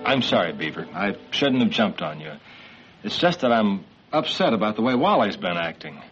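Middle-aged sitcom father, patient, measured, lively mid-range voice, dull old TV sound. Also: mid-range voice, soft background music. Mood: gentle. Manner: measured, patient, mildly stern. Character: calm, fair-minded suburban father, middle-aged. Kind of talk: 1950s sitcom acting. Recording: dull 1950s TV sitcom audio.

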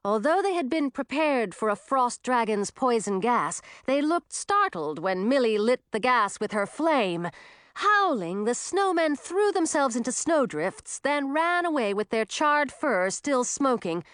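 Woman, storybook narrator, expressive reading, lively pitch, dry close recording. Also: measured pace, clear, resonant tone, no room sound.

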